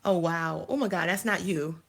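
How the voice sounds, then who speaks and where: A woman's voice: on the low side, moderate pace, a bit bright. A woman hosting a casual live stream, chatting and thinking aloud while she fumbles through her channel settings. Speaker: life coach and channel host.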